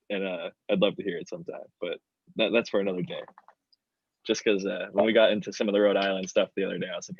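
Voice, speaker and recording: Podcast host, low flat voice, long measured questions, dry muffled audio. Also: male voice, slightly rough, no room sound. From Michigan, USA. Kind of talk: casual interview chat.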